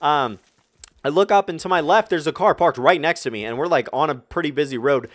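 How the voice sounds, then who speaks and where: A young man vlogging a storytime rant, animated and profane, rambling with lots of fillers. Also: a little high, fairly quick. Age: young adult.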